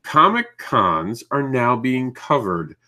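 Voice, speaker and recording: A man's voice: mid-range voice, big pitch swings, slow, bright, forceful tone. A man hosting a live indie comics news show, chatting casually, stumbling over names and laughing at his own slips. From Ireland.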